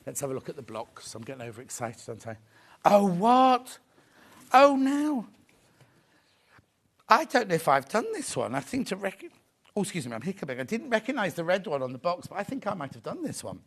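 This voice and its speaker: Excitable high-voiced man. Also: brisk. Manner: chatty and excitable, repeats phrases. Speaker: shopping show host. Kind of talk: live sales presentation.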